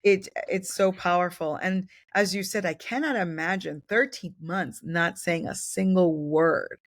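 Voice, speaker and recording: A woman's voice: on the low side, a little slow, no echo, studio quality. A woman co-hosting a podcast in casual chat, talking with enthusiasm and emphatic agreement. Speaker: podcast co-host.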